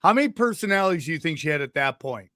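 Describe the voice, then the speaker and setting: A man's voice: on the high side, big pitch swings, very fast, bright, forceful tone, no room sound, clean studio sound. A man hosting a casual comedy podcast, joking and riffing and slipping into goofy put-on voices. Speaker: podcast host.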